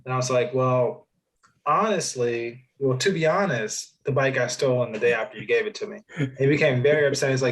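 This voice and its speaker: A man's voice: mid-range voice, a little fast, rough recording. A young man, a guest on an interview show, telling a story in a loose, casual way with lots of fillers and restarts. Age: young adult.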